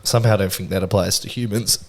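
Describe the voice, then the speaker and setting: A man's voice: lowish voice, steady tone, quick pace. A young man co-hosting a podcast, laid-back and laughing often, swearing freely in casual chat. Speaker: podcast co-host.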